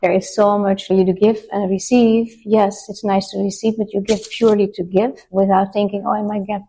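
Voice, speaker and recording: A woman's voice: mid-range voice, level tone, brisk, mellow, slight background noise, rough recording. A woman interviewing a rabbi in a casual chat, talking freely and laughing easily.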